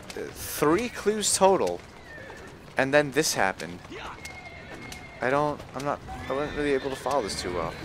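A man giving live gameplay commentary on a stream, often frustrated and cursing with loud outbursts. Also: medium pitch, slight background noise. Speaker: gaming livestreamer.

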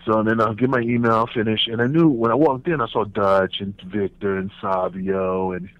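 Profane, animated New man storyteller. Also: lowish voice, moderate pace, no room sound. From New York. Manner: profane, animated, acts out voices in anecdotes. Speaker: wrestling podcast guest. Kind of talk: casual storytelling. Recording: slightly muffled podcast audio.

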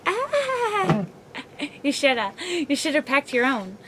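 A woman's voice: sits high, huge pitch swings, takes it slowly, background noise. A woman co-hosting a casual podcast chat, teasing and playful, laughing often. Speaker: podcast co-host.

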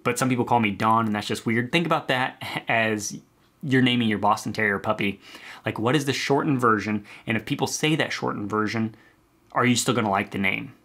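A man's voice: on the low side, fairly quick, fairly bright tone. A man in his thirties hosting a casual advice video to camera, chatty and upbeat with loose asides. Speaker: channel host and dog breed site founder.

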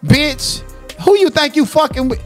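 A man's voice: very high voice, expressive, a little slow, soft background music. A man hosting a livestream, cursing and trash-talking someone in a confrontational rant. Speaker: livestream commentator.

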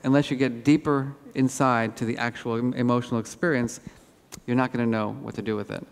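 A man giving a lively conference keynote, telling animated self-deprecating stories on stage. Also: mid-range voice, brisk, creaky. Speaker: keynote speaker. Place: large auditorium. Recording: hall reverb.

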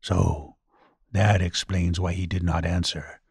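Guy doing a gruff deep ghost samurai, grim and growly, dry close sound. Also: flat delivery, takes it slowly, no room sound, full character voice.

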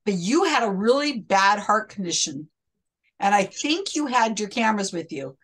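A woman's voice: mid-range voice, very animated, normal speed, a bit bright, breathy edge. A woman hosting an online chat, telling a long story in a rambling, self-interrupting way. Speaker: host. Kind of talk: casual chat.

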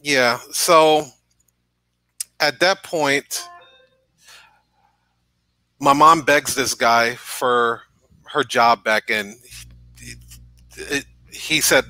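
Bright-voiced man telling a personal story. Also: medium pitch, very slow, long pauses, dry recording, poor audio. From New York. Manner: earnest, says "right?" often. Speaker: podcast guest. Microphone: video call.

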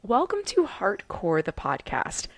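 A woman's voice: mid-range voice, huge pitch swings, unhurried, dry recording. A woman co-hosting a podcast, talking in a bubbly, chatty and self-deprecating way. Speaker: podcast co-host. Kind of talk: casual podcast chat.

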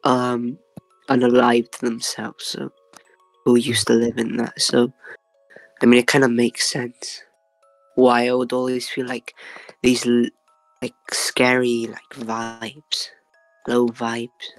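A man's voice: medium pitch, monotone, slow pace, pauses often, dry recording, faint music behind, low-quality recording. A young man telling a story from childhood in a hesitant way, full of fillers and little laughs. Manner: hesitant, filler-heavy, laughs between phrases. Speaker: guest. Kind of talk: casual storytelling.

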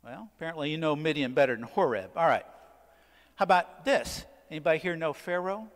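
A man preaching a sermon as pastor, asking the congregation questions and leaning on dramatic pauses. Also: fairly high pitch, animated. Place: church. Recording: long church reverb. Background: church sanctuary.

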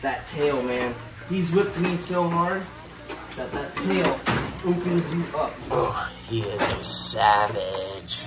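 Addressing the camera in a casual vlog, a man who keeps reptiles and tattoos covers feeding his animals and his tattoo work, energetically talking to the animals along the way. His voice is on the high side and his pace slow, and the recording is very noisy.

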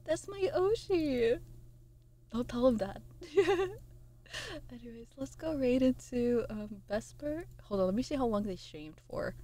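Young woman streamer, bouncy animated voice, reads chat out, gets all worked up. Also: a little high, measured pace. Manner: reads chat aloud, excitable, swears. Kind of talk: casual live-stream chat.

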